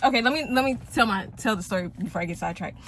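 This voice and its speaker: A woman's voice: medium pitch, very fast, fairly bright tone. A woman in her thirties chatting to her viewers from a parked car, rambling through a story and often addressing them directly. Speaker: vlogger, single mom. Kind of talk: casual chat to viewers.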